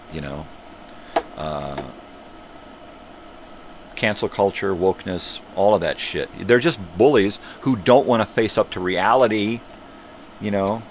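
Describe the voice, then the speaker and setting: A man's voice: low voice, a little hiss or hum. An older man hosting his own morning show, ranting bluntly and profanely in a casual monologue. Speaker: host of a morning livestream show.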